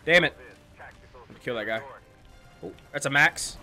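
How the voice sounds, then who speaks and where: A man chats casually over his gameplay in a slightly higher, bright and forceful voice. He jokes with himself and breaks into loud outbursts. A faint hiss sits under the recording. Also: moderate pace, pauses often. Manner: chatty, joking, loud outbursts. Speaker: gaming YouTuber.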